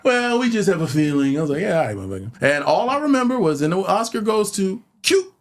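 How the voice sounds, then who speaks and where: A man's voice: high-pitched, lively intonation, brisk. A man telling a profane, laugh-filled anecdote as an interview guest, acting out the dialogue. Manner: profane, acts out quoted dialogue, laughs often. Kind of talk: storytelling anecdote.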